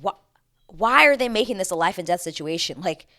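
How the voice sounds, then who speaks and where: A woman's voice: fairly low pitch, lively intonation, fairly quick, pushed and bright. A woman vlogger giving a casual, opinionated recap of a reality show, chatty and emphatic, with slang and tangents.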